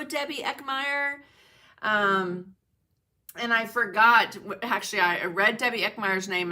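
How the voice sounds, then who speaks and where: A woman's voice: fairly high pitch, bright, forceful tone. A middle-aged woman hosting a casual livestream from her home studio. She greets viewers by name and laughs often. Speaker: art journaling livestream host.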